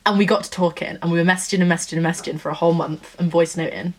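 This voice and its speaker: Rapid-fire and fairly low-pitched, this twenty-something vlogger from Nottingham, England keeps her intonation fairly even. She spins a casual story in a chatty, gushing way, performing the quotes as she goes.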